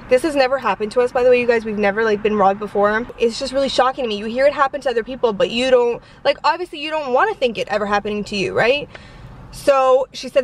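A young woman vlogger tells a personal story in a loose, rambling chat, constantly dropping "like" and "you guys." Her voice sits a little high. The mic picks her up from a short distance, with faint outdoor traffic behind her. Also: brisk.

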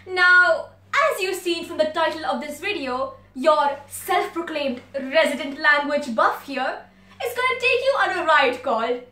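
A woman's voice: sits high, bright, forceful tone, reverberant, recorded from a distance. A young woman from India whose first language is Malayalam, hosting a language channel with playful, theatrical tour-guide patter. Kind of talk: playful scripted presenting.

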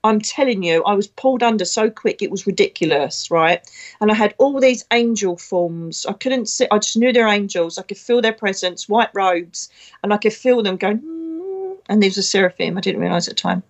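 A woman's voice: medium pitch, fairly quick, muffled recording. A middle-aged woman, a psychic medium, telling a spiritual story in a blunt, chatty, emotional way. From Britain. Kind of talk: casual spiritual talk.

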